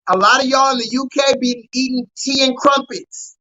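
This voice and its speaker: A young adult man hosting a live call-in stream, ranting loudly and profanely at the chat and mocking his target. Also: very high-pitched, brisk, hardly any pauses, low-quality recording. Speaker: livestream host.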